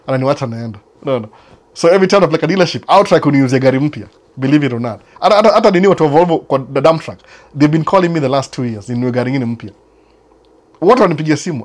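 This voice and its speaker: Based in the United States, this Kenyan-accented host from Kenya answers his viewers in a casual chat, switching between Swahili and English and frequently repeating himself. He talks quickly in an expressive, medium-pitched voice.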